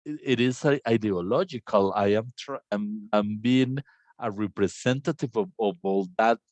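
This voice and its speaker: A Colombian man, a native Spanish speaker, hosting an online academic discussion in English in a reflective, halting way. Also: fairly low pitch, no room sound. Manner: reflective, halting, many restarts. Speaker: conversation host. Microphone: video call.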